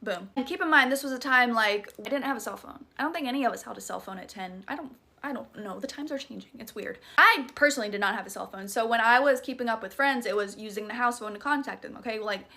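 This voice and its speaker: Young southern woman spinning a creepy tale, bright highish voice, swears a lot. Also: quick pace, creaky, hardly any pauses. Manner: dramatic, profane, chatty. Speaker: TikTok creator. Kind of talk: casual storytelling.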